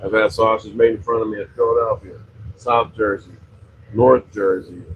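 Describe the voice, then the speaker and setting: A man's voice: lowish voice, fairly even intonation, normal speed, phone-quality sound, a little hiss or hum. A middle-aged man from western Pennsylvania telling a long, rambling story about his pizza shop, with many fillers and self-corrections. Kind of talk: casual storytelling on a livestream.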